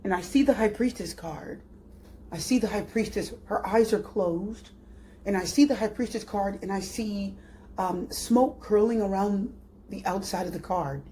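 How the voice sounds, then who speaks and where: A woman narrating a guided spiritual meditation. Her voice is mellow and dark-toned, at a middle pitch. She speaks slowly and dreamily, and she often repeats her phrases. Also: slight background noise. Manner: slow, dreamy and soft-spoken, with repetitions. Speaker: tarot reader.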